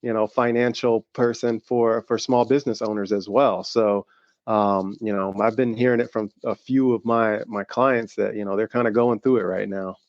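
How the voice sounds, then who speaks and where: A man's voice: lowish voice, steady tone, moderate pace, no echo. Southern man, dry lo-fi podcast voice. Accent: Southern American. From American South. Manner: rambling, many fillers and restarts. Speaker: podcast co-host. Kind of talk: casual podcast conversation. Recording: dull lo-fi sound.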